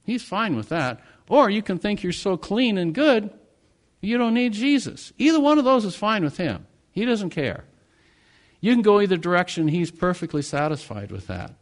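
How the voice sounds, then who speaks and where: Male pastor, sermon storytelling, dramatic swings from hushed to loud. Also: high voice, big pitch swings, moderate pace.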